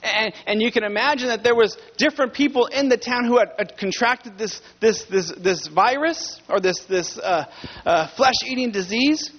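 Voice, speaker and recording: A pastor preaching a sermon in church, speaking conversationally and earnestly to the congregation. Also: male voice, high voice, moderate pace, fairly bright tone, dull audio.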